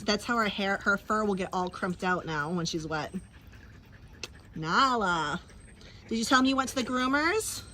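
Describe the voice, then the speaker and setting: A woman's voice: medium pitch, bright, forceful tone, slight background noise. Chatty woman livestreaming from a pool. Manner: chatty, laughs often, talks to her dogs. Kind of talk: casual livestream chat. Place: backyard pool, outdoors.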